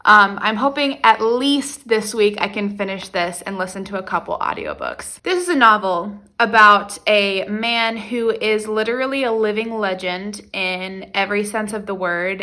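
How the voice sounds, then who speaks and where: A young woman vlogger chatting casually about her reading, rambling and excitable, with many fillers. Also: medium pitch. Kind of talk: casual chat to camera.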